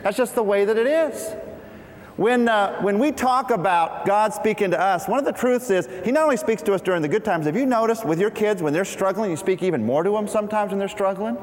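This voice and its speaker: A man's voice: high-pitched, a little fast. A middle-aged man preaching a conversational sermon, leading his congregation through Bible verses. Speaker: pastor. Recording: long hall reverb.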